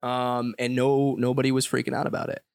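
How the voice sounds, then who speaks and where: A young man from the United States speaks as a podcast guest, blunt and animated, swearing casually as he tells stories. His voice sits mid-range and the sound is dry. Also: mid-range voice, a little fast, vocal fry, clear, resonant tone, no room sound. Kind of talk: casual conversation.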